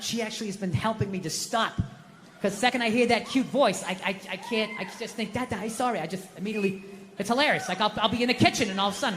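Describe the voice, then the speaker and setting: A middle-aged man doing stand-up comedy on an outdoor stage, ranting and bursting into loud shouted impressions. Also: high voice. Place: large outdoor venue, windy. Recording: live stage sound with long reverb, faint noise.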